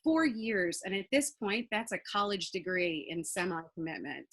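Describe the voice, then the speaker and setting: A young woman performing a stand-up comedy set with punchy, deadpan delivery, laughing at her own jokes. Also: medium pitch, moderate pace, husky, low-quality recording.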